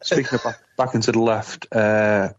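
A man's voice: on the low side, flat delivery, moderate pace, highs cut off. A man co-hosting a podcast in casual chat, blunt, mocking and sweary. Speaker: podcast co-host.

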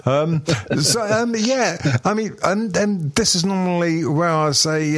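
A man's voice: sits high, unhurried, few pauses, a bit bright. A middle-aged man co-hosting a podcast, chatting in a rambling, self-mocking way, swearing freely. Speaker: podcast co-host. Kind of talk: casual profane chat.

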